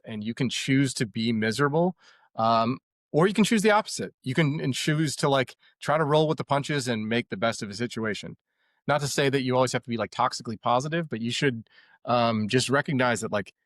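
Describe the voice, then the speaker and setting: Young male guest, chatty storyteller, dry booth sound, average pitch. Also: dry recording. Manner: rambling, animated retelling with many fillers. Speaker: podcast guest. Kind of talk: casual storytelling.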